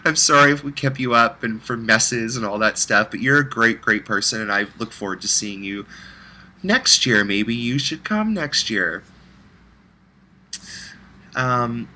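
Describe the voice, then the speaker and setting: A man's voice: medium pitch, lively intonation, a little slow, bright, forceful tone, slight background noise, rough recording. A man recording a heartfelt, rambling personal video message, close to tears at times.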